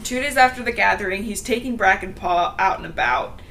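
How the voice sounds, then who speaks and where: A woman's voice: mid-range voice, fairly quick, gravelly, sharp tone, slight background noise. A young woman co-hosting a podcast, recapping a book in casual chat, laughing often and swearing casually.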